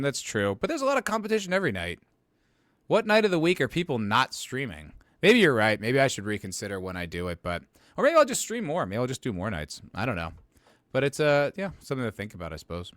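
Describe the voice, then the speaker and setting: A man's voice: medium pitch, a bit bright, clean tone, no echo, studio quality. A man hosting a podcast livestream and reading chat messages aloud, rambling casually, swearing and poking fun at himself. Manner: rambling, profane and self-mocking.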